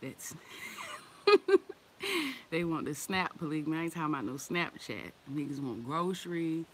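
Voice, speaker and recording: A woman's voice: deep voice, fairly quick, slight background noise. A woman chatting loosely on a live stream, cursing and laughing often. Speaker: vlogger. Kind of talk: casual live-stream chat.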